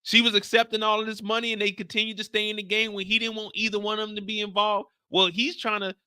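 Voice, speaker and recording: Man, show recap host, very bright forceful voice, slangy, dry close mic. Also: sits high, fast talker, few pauses, clean tone, no room sound. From United States. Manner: animated, slangy, talks straight to his viewers. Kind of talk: casual live-stream recap chat.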